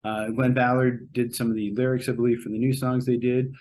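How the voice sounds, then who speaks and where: A man casually reviewing a movie on a podcast, rambling and hesitant, with many pauses and fillers. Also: medium pitch, level tone, a little mellow. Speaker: podcast co-host reviewing a film. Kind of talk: casual spoken film review.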